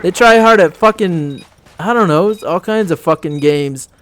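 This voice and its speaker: A man's voice: high voice, animated, a little slow, fairly bright tone, faint music behind. A young man giving casual, rambling gameplay commentary, blunt and full of swearing.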